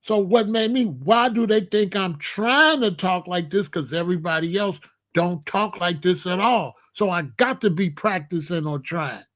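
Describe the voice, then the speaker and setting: High-pitched guy in his 60s, going off on a casual rant, repeats himself, drags words out slow. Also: fairly bright tone. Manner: emphatic, repetitive, drawn-out phrasing. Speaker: show host. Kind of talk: casual monologue.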